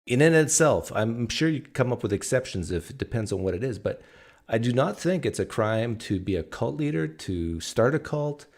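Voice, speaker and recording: A man hosting a live stream, giving reaction commentary in a deliberate way and slowing down to stress his points. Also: mid-range voice, animated. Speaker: host.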